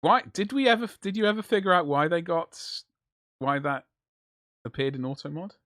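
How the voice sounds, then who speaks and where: A man's voice: on the high side, expressive, moderate pace, pushed and bright, no room sound, studio quality. A man streaming live while he paints, rambling and joking in casual banter with his chat. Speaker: livestreamer.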